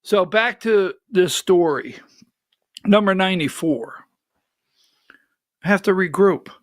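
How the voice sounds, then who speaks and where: A middle-aged man hosting a political commentary livestream, ranting with fiery profanity and shouted outbursts. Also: high-pitched, takes it slowly, no echo, studio quality. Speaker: political commentary show host.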